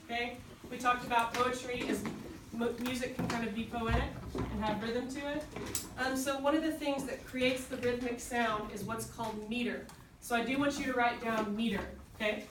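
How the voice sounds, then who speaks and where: A woman teacher leading a class, firmly repeating key points for students to write down. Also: a little high. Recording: echoey classroom from far off, noisy.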